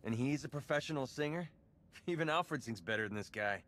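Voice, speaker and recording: A man voicing a sarcastic young sidekick hero in a video game, quick with a joke, in an even mid-range voice. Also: medium pitch, noisy background, lightly acted.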